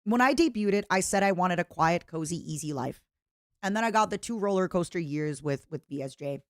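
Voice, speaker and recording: A woman's voice: fairly low pitch, expressive, fairly quick, no echo, clean studio sound. A woman streamer chatting casually and reading viewer letters aloud, in a playful, self-mocking way.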